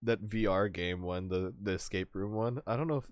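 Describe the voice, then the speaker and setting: A man's voice: fairly low pitch, fairly quick, dry recording. A man hosting a stream, chatting casually and laughing often between rambling, restarting sentences. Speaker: streamer host. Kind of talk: casual chat.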